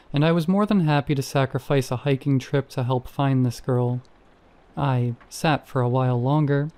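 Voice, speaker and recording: Dark-voiced man narrating horror. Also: mid-range voice. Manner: measured, suspenseful storytelling. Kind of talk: scripted first-person horror narration.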